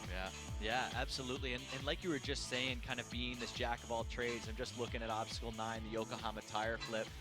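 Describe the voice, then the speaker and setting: A man's voice: mid-range voice, level tone, a little fast, music in the background. A man co-hosting a live race preview, chatting and asking the guest questions. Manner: conversational, agreeing interjections. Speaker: co-host commentator. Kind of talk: live sports preview commentary.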